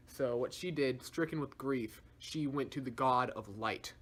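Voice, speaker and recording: A man's voice: medium pitch, a little slow, a bit bright. A young man reviewer giving a casual, slangy story recap, laughing often as he tells it. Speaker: video reviewer.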